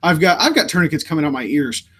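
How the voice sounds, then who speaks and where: An American man co-hosting a live stream, talking in a relaxed, rambling way with a lot of ums. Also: fairly high pitch, quick pace, breathy edge. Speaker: podcast co-host. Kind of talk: casual live-stream chat.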